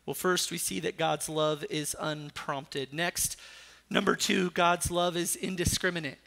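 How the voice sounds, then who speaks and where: A pastor with a fairly high, pushed, bright voice preaches at a measured pace in a steady tone, with some vocal fry. Between teaching points he reads scripture aloud, and his pitch jumps sharply to voice Jonah's anger.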